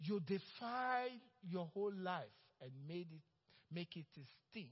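Speaking expressively and a little slowly, a pastor with a high voice gives a sermon in a church sanctuary, impersonating coworkers and shifting from loud, bold statements to hushed whispers. Long hall reverb surrounds him, and the sound is muffled and slightly lo-fi.

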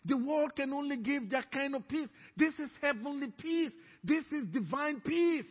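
A man's voice: very high voice, animated, normal speed, in a large hall, lo-fi sound. A man preaching as a pastor, with emphatic delivery that draws the congregation in to repeat lines after him. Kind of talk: sermon. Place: church sanctuary.

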